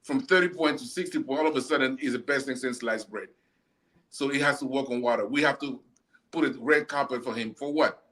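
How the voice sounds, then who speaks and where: A man's voice: mid-range voice, fairly quick, a bit bright. A man hosting a casual football chat, ranting bluntly and repeating himself as he argues.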